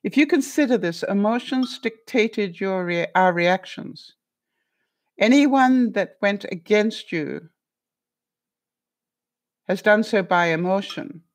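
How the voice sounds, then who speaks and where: A middle-aged woman hosts a casual livestream, chatting with viewers and reading their comments aloud. She's animated and full of fillers and rhetorical questions. Her voice is mid-range, slow and paused often.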